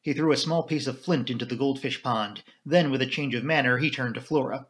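A man's voice: medium pitch, a little fast, fairly bright tone. Man reading a classic mystery. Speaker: audiobook reader. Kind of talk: scripted narration.

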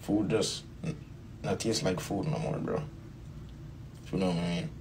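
A man's voice: low-pitched, moderate pace, vocal fry, background noise. A man with a Jamaican accent telling a personal story in a rambling, casual way, repeating phrases and calling the listener "bro". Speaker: dancehall artist.

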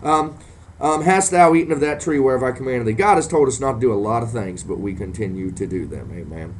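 A man's voice: mid-range voice, a little fast, slight background noise. A man preaching a sermon, punctuating nearly every phrase with "amen" and swelling into fervent emphasis as he addresses Christians and sinners.

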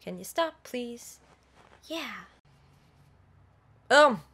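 Female vlogger, bubbly and flustered, high and bouncy delivery that keeps breaking into laughs and restarts. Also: expressive, normal speed, fairly bright tone. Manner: giggly and exclamatory, flubbing and restarting lines. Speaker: YouTuber. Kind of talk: blooper reel of vlog intros.

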